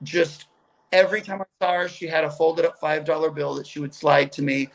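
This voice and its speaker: A middle-aged man appears as a guest comedian on a video call, telling stories in a casual, animated way. His voice is fairly high and gravelly, and his talk is chatty and full of quick asides.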